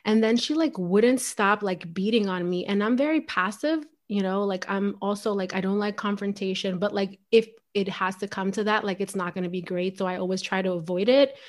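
A woman's voice: medium pitch, brisk, hardly any pauses. A woman chatting as a podcast guest, rambling and filling her talk with "like". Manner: rambling, heavy use of filler "like". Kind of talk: casual chat.

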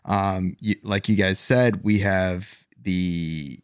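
A man's voice: low-pitched, fairly even intonation, slow, smooth, no echo, studio quality. A man hosting a podcast, telling a story in casual chat with rambling fillers.

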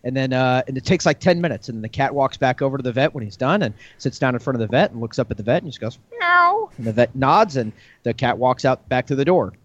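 A man's voice: expressive, quick pace, few pauses. Man telling a long joke, muffled sound. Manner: storyteller, jumps to high voices for characters.

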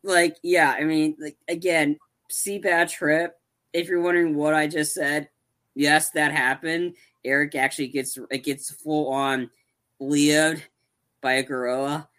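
Bright-voiced man rambling through a recap. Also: on the high side, unhurried. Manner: rambling, animated retelling with many restarts. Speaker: podcast co-host. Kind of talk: casual movie recap chat.

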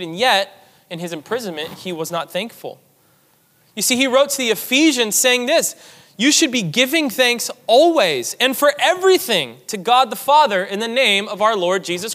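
A man's voice: high-pitched, fairly bright tone, in a large hall. A man preaching a sermon as pastor, reading scripture aloud and pressing his points with emphasis.

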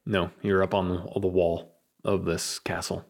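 A man narrating as a tabletop game master in an easygoing, unhurried way, with casual fillers. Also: deep voice, level tone, creaky.

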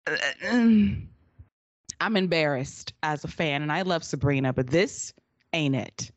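A woman's voice: deep voice, measured pace, dry recording, lo-fi sound. A woman co-hosting a wrestling podcast, recapping matches in casual chat and often breaking into laughter. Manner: laughs often, animated storytelling. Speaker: podcast co-host.

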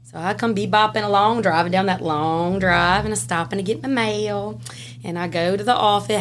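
A woman with a Louisiana Southern accent, a podcast guest telling a story in casual, animated fashion, laughing and swinging between loud and hushed. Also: mid-range voice, normal speed, slight background noise. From Southern United States. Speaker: podcast guest, former prison classification officer.

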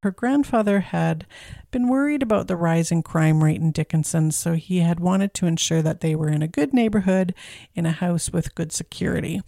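A woman's voice: lowish voice, gravelly, dark tone, no echo, clean studio sound. A woman hosting a podcast, telling a true crime story in a casual, conversational way with filler words. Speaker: podcast host.

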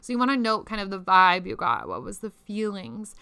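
A woman's voice: medium pitch, very animated, fairly quick, creaky, pushed and bright, clear, resonant tone, no echo. A young woman hosting a spiritual podcast, chatty and casual, swearing freely and saying "like" a lot. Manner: chatty and profane, many "like"s, laughs often. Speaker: podcast host.

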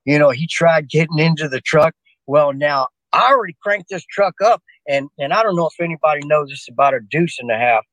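Rambling older man telling a story, high-pitched. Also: animated, fairly quick, a bit bright, dry recording, rough recording. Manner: digressive, restarts often, addresses the host by name. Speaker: guest telling a personal story. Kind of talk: rambling spoken anecdote.

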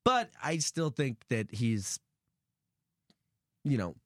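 A man telling a heated story in casual chat, animated and full of swearing. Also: medium pitch, slow, dry recording, clean studio sound. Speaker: podcast guest.

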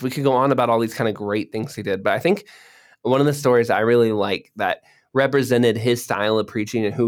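A man introducing a recorded sermon in a casual, conversational way, telling stories loosely with fillers. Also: medium pitch.

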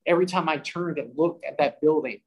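Guy with a husky, kinda high voice telling a ghost story, acts out all the quotes, laughs a lot. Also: brisk, darkish tone, low-quality recording. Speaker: storyteller recounting a paranormal investigation. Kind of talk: animated first-person storytelling.

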